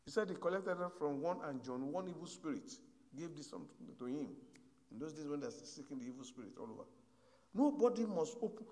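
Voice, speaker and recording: A man preaching a sermon, telling a story and swinging from hushed asides to loud exhortation. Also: on the high side, lively intonation, fairly quick, big-room sound.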